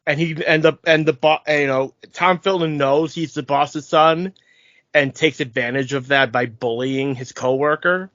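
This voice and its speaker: A man co-host with a somewhat high voice, talking through film details with dry quips. The recording is dull and lo-fi, close and dry. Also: fairly even intonation, measured pace, fairly bright tone, no room sound. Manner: explaining with wry one-line quips. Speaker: podcast co-host. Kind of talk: casual chat about a film.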